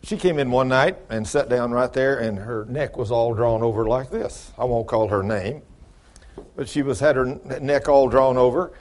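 A man preaching a sermon in folksy storytelling style, dropping to low mutters and rising to high exclamations. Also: moderate pace. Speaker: pastor.

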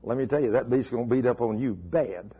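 A pastor preaching a sermon in a folksy, emphatic way that repeats key words, on a dull lo-fi recording. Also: male voice, medium pitch, brisk, husky. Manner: folksy storytelling, emphatic repetition.

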